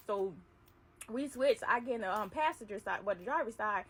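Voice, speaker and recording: Woman, young adult, husky voice, higher pitch, casual storytime, animated dialogue. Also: fairly quick. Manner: animated retelling, acts out dialogue. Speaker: vlogger, delivery driver.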